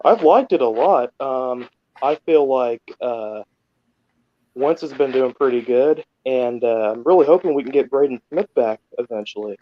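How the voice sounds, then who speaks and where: A man's voice: mid-range voice, animated, normal speed, dry recording. A man talks hesitantly as a caller, filling gaps with "uh." His audio is dull and lo-fi, with dry sound. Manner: hesitant, many "uh"s. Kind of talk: casual chat.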